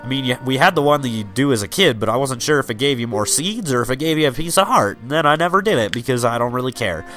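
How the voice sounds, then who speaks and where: A man's voice: mid-range voice, a bit bright. A young man rambling and joking through a game in casual gameplay commentary. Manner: rambling, joking, many fillers. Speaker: let's player.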